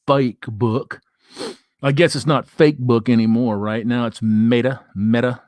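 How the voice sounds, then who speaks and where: A man's voice: medium pitch, no room sound, studio quality. A middle-aged man hosting a casual livestream, reading viewer comments aloud and bantering in a loose, profane way. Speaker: livestream host.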